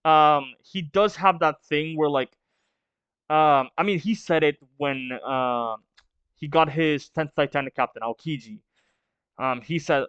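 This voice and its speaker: A man's voice: on the high side, unhurried, a bit bright, clear, resonant tone, no room sound, lo-fi sound. A man with a stuffy nose from a cold, reading a manga aloud and reacting to it in hesitant, filler-heavy musing.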